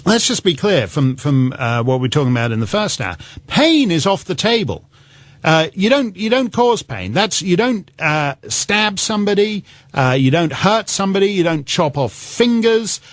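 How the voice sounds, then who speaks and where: A man's voice: sits high, sing-song, moderate pace, no room sound. A man guest-hosting a talk radio show, rambling through mocking political commentary and cracking himself up with laughter. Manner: rambling and mocking, breaks into laughter, puts on silly voices for quotes.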